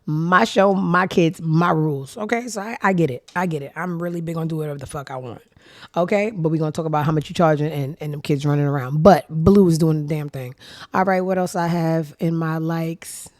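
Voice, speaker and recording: A woman's voice: sits low, fairly quick, no room sound, studio quality. A woman hosting her own show, giving casual gossip commentary in a blunt, sassy, profane way. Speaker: show host.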